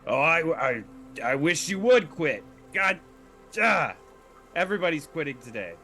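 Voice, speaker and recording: Dude doing a cranky gnome boss, loud grumbly gruff voice, total fed up middle-manager vibe. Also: male voice, medium pitch, slow, soft background music. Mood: exasperated. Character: grumpy overworked older male gnome boss.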